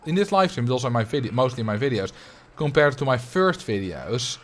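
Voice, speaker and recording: A man with a light Dutch accent talks to his viewers in a relaxed livestream chat. He speaks in an animated, chatty way at a mid-range pitch, filling his pauses with "um" and "you know.". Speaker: streamer.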